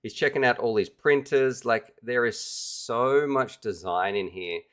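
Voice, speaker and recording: A man's voice: medium pitch, measured pace, a bit bright. A man hosting a casual livestream, chatty and enthusiastic, talking straight to his viewers. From Australia. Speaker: livestream host.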